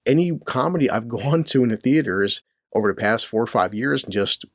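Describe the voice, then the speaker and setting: A man's voice: medium pitch, lively intonation, brisk, no echo, clean studio sound. A middle-aged man hosting his own channel, ranting crudely about the news with rhetorical questions and constant swearing. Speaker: commentary channel host. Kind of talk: profane ranting commentary. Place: home basement near a boiler.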